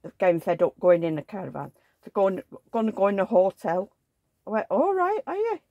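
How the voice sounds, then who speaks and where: A woman's voice: lowish voice, a little fast, gravelly, dry recording, highs cut off. A woman vlogger in casual chat at home, rambling along and cooing at the dolls she dresses. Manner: rambling, chatty, coos at dolls.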